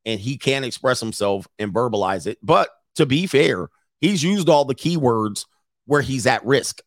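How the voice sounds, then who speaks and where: A man's voice: mid-range voice, expressive, moderate pace, no echo, clean studio sound. A man giving casual, blunt reaction commentary to a video clip, speaking straight to his male viewers and swearing freely. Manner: blunt, profane, addresses viewers as gentlemen.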